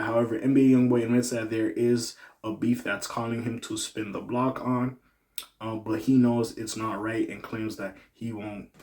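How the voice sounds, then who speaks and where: A man runs a casual hip-hop news commentary in a relaxed, way. He jumps from loud, excited reactions to quiet muttered side comments. His voice sits at an ordinary mid pitch for a man. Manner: animated, swings from loud exclamations to low muttered asides. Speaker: commentary channel host.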